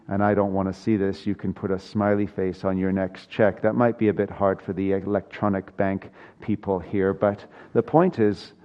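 A man's voice: low voice, smooth. Older male pastor preaching, dull recording. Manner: earnest preaching with dry humor, emphatic repetition. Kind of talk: sermon.

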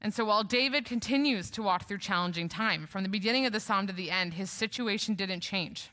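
A woman's voice: medium pitch, a little fast, pushed and bright. A young woman preacher giving a conversational sermon, with light humorous asides. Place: church sanctuary. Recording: long reverb of a church hall.

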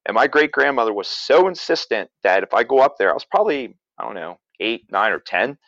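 A man's voice: medium pitch, very animated, brisk, fairly bright tone, no echo, dull audio. A man from Pennsylvania telling a family story in a casual, rambling way, with chuckles and self-corrections. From south-central Pennsylvania.

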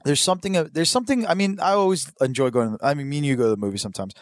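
A man's voice: a little high, racing, no room sound. Foul-mouthed rambling man. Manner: profane, rambling storytelling. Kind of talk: casual podcast chat.

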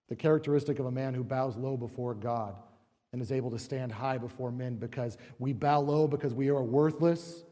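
Pastor guy preaching, chatty, lots of questions to the crowd, mellow voice, long church echo. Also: mid-range voice. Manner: conversational, rhetorical questions, acts out quotes. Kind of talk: sermon. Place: church sanctuary.

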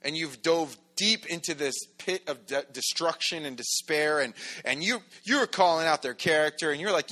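A man's voice: on the high side, normal speed, hardly any pauses, pushed and bright. A middle-aged man preaching a casual, conversational sermon as a pastor, full of asides and rhetorical questions.

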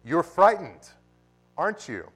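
A man's voice: on the high side, big pitch swings, takes it slowly, fairly bright tone, faint music behind, voice pushed up, exaggerated voice. A man voicing Satan as a sneering male tempter in a sermon, mocking and scornful.

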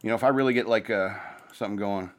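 Man hosting his own show, low-ish voice, loose rambling chat with swearing, hops from topic to topic. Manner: rambling, profane, jumps between topics; says he talks fast. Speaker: podcast host. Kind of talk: casual rambling monologue.

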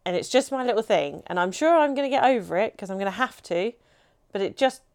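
A woman's voice: medium pitch, lively intonation, fast, darkish tone, clear, resonant tone. A woman co-hosting a podcast, talking in a chatty, rambling way and laughing often. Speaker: co-host. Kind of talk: casual podcast chat.

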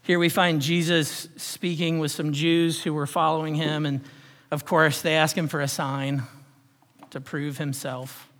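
A man's voice: fairly high pitch, little pitch movement, a little slow, fairly bright tone. A man preaching a sermon as pastor, asking his congregation question after question with earnest, shifting emphasis. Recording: long hall reverb.

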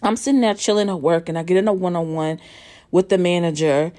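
A woman's voice: fairly low pitch, steady tone, brisk, mellow. A young woman hosting a solo podcast from the bed of her apartment, talking candidly, swearing freely and laughing often. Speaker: podcast host. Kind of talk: casual solo podcast monologue. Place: apartment bedroom, working from home.

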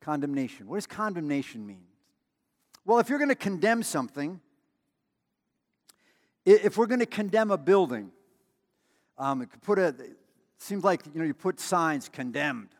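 Man, pastor, sermon, high voice, conversational, emphatic repeats, long hall reverb. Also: sing-song, normal speed, long pauses. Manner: conversational, with emphatic repetition and storytelling asides.

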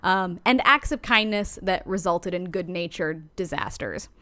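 A woman casually recounting a historical woman's life to a co-host, animated and loose, with light swearing. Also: on the low side, measured pace. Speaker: podcast co-host telling a life story. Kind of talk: casual storytelling chat.

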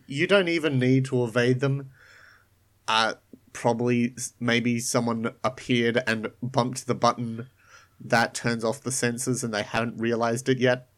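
A man running a tabletop game, narrating scenes in a calm, descriptive way. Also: mid-range voice. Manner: unhurried, descriptive. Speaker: game master.

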